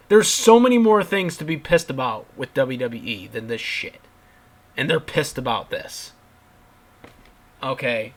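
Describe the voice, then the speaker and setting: A man's voice: mid-range voice, animated, measured pace, long pauses, a little hiss or hum. A young man giving an exasperated, ranting vlog commentary, repeating himself and swearing. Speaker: wrestling commentary vlogger.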